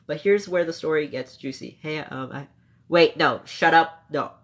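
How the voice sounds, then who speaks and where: A streamer telling a story to live chat in a casual, rambling way, turning emotional and playfully scolding viewers, with frequent swearing and quick self-corrections. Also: mid-range voice.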